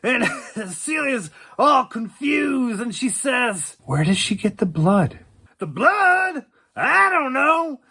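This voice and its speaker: A man's voice: very high-pitched, very animated, slow pace, bright, forceful tone, full character voice. An actor playing a crude, joking young man telling a story about babysitting his young cousin, laughing often. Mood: amused. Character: cocky young man, art-scene joker. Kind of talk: storytelling monologue.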